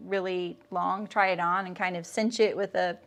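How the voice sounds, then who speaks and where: Speaking at a moderate pace in a fairly low voice, a middle-aged woman teaches sewing live as she works. Her talk is friendly and loose, wandering along and interrupted now and then to address what viewers write in.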